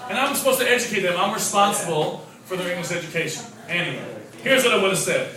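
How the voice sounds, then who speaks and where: A man doing a stand-up set, swinging from loud, profane outbursts to muttered asides. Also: high voice, lively intonation, quick pace. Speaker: stand-up comedian, English teacher. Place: comedy club stage before a laughing audience. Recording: echoey club, mic from far off, crowd noise. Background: laughing audience.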